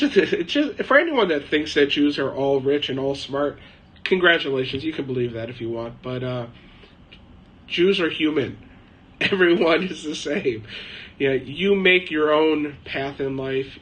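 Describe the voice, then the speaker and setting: Speaking at medium pitch with a fairly bright tone, this man comes through on a rough recording. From his shed, he runs a laid-back live chat, meandering through viewer questions, laughing frequently, and doing impressions of people.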